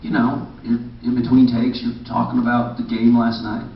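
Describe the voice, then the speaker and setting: A man's voice: medium pitch, little pitch movement, moderate pace, creaky, slight background noise. Middle-aged man, panel storyteller, lots of restarts, distant echoey hall sound, dull muffled audio. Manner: rambling anecdotes with many restarts. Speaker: actor on a convention panel. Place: large convention hall.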